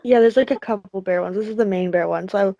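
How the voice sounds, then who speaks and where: A woman's voice: mid-range voice, quick pace, mellow, dry recording, highs cut off. A teenage girl co-hosting a podcast, rambling through a dream story in casual chat and laughing between lines. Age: teens. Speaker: podcast co-host.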